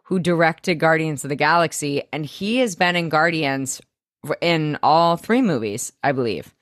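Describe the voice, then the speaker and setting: A woman's voice: low-pitched, normal speed, no echo, studio quality. A woman co-hosting a podcast, recapping an episode in a casual, wry, offhand way. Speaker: podcast co-host.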